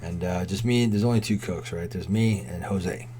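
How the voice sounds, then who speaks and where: Deep, mellow, and at normal speed, a man in his forties rambles through a casual, profanity-laden anecdote over slight background noise. He keeps dropping "right?" and "like" as he goes.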